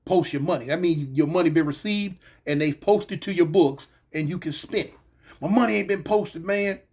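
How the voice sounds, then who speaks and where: A man telling a story in a casual, animated way, acting out the voices of the people in it. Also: on the high side, normal speed, slightly rough.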